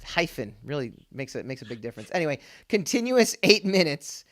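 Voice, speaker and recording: On the high side and sing-song, his slightly bright voice moves fairly quickly as he hosts a casual pop culture podcast. He rambles with plenty of fillers and restarts and laughs often.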